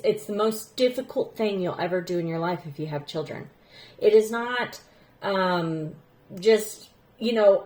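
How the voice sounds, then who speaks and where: A woman in her thirties, a teacher, telling a personal story in an earnest, rambling way that often sinks to a soft, low voice. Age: 30s.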